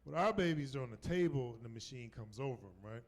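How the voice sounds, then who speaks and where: With lively intonation and a quick pace, a middle-aged comic from the American South works a club crowd. He slips into high, mocking voices whenever he quotes someone.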